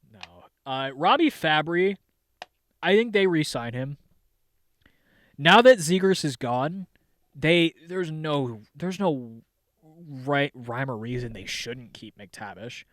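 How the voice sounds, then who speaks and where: A man's voice: a little high, animated, slow, fairly bright tone. A young man co-hosting a podcast, chatting loosely about hockey, cursing and laughing often. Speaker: podcast co-host. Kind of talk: casual sports chat.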